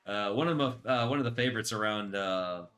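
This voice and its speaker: A man's voice: fairly low pitch, fairly quick, fairly bright tone. A man casually commenting while streaming a western video game; he is chatty and rambling and laughs often.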